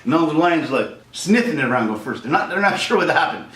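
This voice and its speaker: A middle-aged man ranting on his vlog, heated and animated, slipping in and out of mocking voices. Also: on the high side, fast talker. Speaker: vlogger. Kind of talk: angry rant. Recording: roomy echo, distant mic, faint noise.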